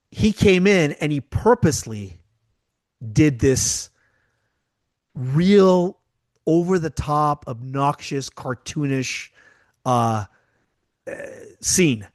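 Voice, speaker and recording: A man's voice: fairly high pitch, lively intonation, extremely slow, pauses often, no room sound. A man co-hosting a podcast, chatting casually about a film and telling stories with frequent restarts. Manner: chatty, trails off and restarts, tells anecdotes. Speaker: podcast co-host. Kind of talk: casual chat.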